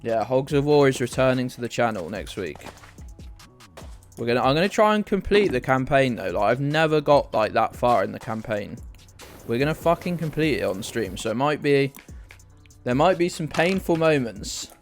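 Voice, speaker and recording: A man's voice: medium pitch, sing-song, normal speed, faint music behind. A man chatting casually and swearing as he streams a game to his viewers. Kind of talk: casual live-stream chat.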